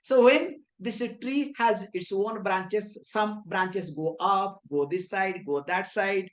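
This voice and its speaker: A woman with a mid-range voice teaches scripture in English at a slow pace. As a spiritual teacher, she often raises rhetorical questions, supplies the answers herself, and slips in playful teasing comments.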